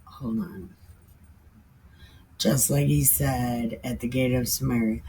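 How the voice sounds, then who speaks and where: Slow, irreverent woman reading scripture. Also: extremely low pitch, fairly even intonation, warm tone, a little hiss or hum, poor audio. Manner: irreverent and chatty, laughs often, swears; drawn-out, emphatic sign-off sayings. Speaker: Bible reading vlogger. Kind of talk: casual Bible reading with commentary.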